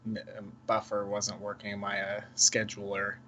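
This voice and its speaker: A man's voice: fairly low pitch, completely flat delivery, moderate pace, pushed and bright, a little hiss or hum. A man appearing as a podcast guest, speaking hesitantly with many fillers and a self-deprecating tone. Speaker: guest author. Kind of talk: casual podcast chat.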